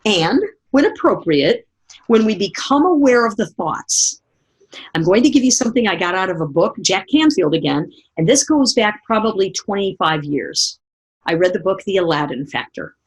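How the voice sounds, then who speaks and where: A middle-aged woman speaker giving a motivational seminar talk, telling lively stories and asking the audience direct questions. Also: mid-range voice, normal speed, husky. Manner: animated storytelling, acting out remembered voices.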